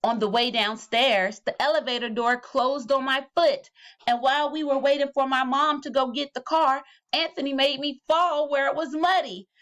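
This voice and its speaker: A woman reading a children's picture book aloud as a teacher, with animated storytelling that drops low on the repeated refrains. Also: moderate pace.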